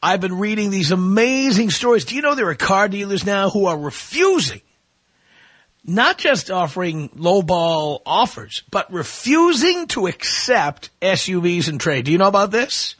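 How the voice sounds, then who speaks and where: A man's voice: high-pitched, very animated, moderate pace, a bit bright, no room sound. A middle-aged man hosting a talk radio show, ranting and mocking his listeners with sarcasm. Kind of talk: opinionated talk radio monologue.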